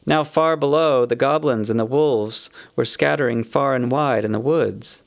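Gravelly male audiobook narrator. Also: medium pitch. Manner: measured, expressive storytelling.

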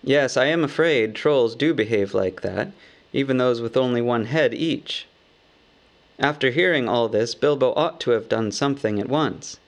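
A man narrating a storybook aloud in a measured, wry manner. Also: medium pitch. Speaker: audiobook narrator.

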